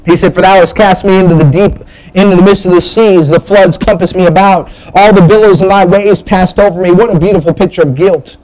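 High-voiced, animated male preacher. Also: fairly quick, rough recording. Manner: lively, folksy, animated preaching with rising bursts. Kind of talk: sermon.

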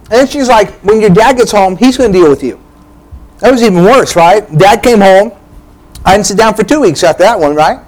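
Male preacher, middle-aged, high voice, emphatic sermon delivery with rhetorical asides. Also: poor audio. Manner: animated, emphatic, frequent "right?" asides.

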